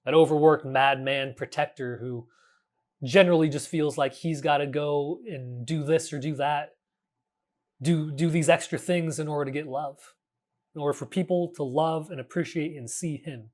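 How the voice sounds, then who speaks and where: A man in his thirties hosting a reflective solo podcast, talking earnestly in a halting way with frequent restarts and casual swearing. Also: a little high, fairly even intonation, a little mellow. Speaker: podcast host.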